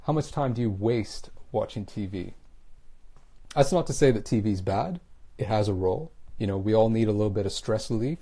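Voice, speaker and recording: Male English coach, mellow tone, emphatic motivational delivery, repeats points for stress. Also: medium pitch. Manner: emphatic, repeats key phrases, slows down for stress. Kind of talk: motivational teaching monologue.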